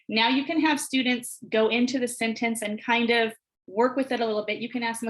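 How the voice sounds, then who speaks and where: A woman leads a teacher workshop over a video call, sounding like a presenter at her computer mic. She explains early reading skills in a clear, instructional way, and she slows down to model short words and sentences for the audience. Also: fairly high pitch, fairly even intonation. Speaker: teacher trainer.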